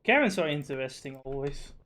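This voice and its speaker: A man with a high-pitched voice chats excitedly during a game, swearing as he tells stories. He talks in a loose, casual way and is quick to get worked up. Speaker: streamer. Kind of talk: casual gaming chat.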